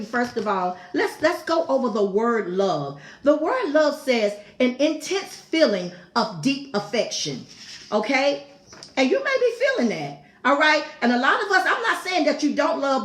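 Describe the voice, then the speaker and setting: A woman hosts a live-stream talk show in an echoey room. Her voice sits a little high and swings widely in pitch. She keeps coaxing viewers, repeating her questions and reading out their answers. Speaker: host.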